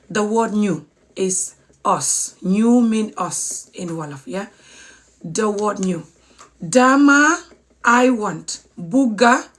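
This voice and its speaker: In a laid-back social media lesson, a woman from Gambia addresses her audience as "guys," repeating vocabulary and spelling it out letter by letter. Her medium-pitched voice is a bit bright, and her manner as a language teacher is chatty.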